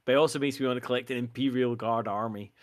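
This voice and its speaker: A man's voice: medium pitch, steady tone, fast talker. A man co-hosting a podcast in casual chat, laughing easily and prompting his partner with questions. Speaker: podcast co-host.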